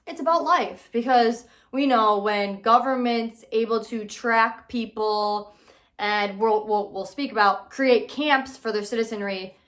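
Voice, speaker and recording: A woman hosting her own podcast, giving casual, sarcastic commentary with lively, animated delivery. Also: medium pitch. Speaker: podcast host.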